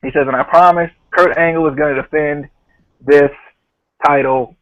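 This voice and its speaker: A man hosts a casual podcast recap, retelling what people said in a loose, joking way. His voice sits a little high. The sound is dry and close, with no room around it. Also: steady tone, normal speed, a bit bright, no room sound, highs cut off. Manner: laughs often, quotes others in a loose retelling. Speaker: podcast host.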